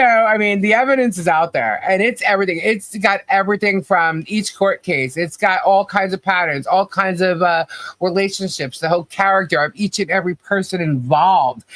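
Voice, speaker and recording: A woman co-hosting a live stream in a relaxed, supportive way, chatting and reading out viewer messages. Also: on the low side, dry recording. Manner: laid-back, supportive, reads viewer messages. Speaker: live show co-host. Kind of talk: casual live-stream chat.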